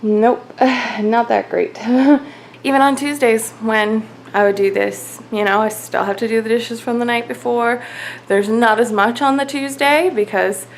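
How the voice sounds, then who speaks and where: A woman's voice: on the high side, steady tone, a little slow, a little hiss or hum, rough recording. A young woman chatting casually through her daily vlog in her home kitchen, rambling and laughing often. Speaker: vlogger.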